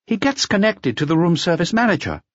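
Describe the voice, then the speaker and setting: A man reading an audiobook, voicing a polite male hotel night-desk clerk in a high, quick, deferential voice. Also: sing-song, no echo. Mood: helpful. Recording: dull lo-fi audio.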